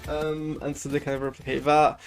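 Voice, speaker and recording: Sick and reviewing a show he just watched, a man hosts a loose, rambling reaction full of fillers and false starts for his channel. He speaks briskly in a higher-pitched, flat voice over music.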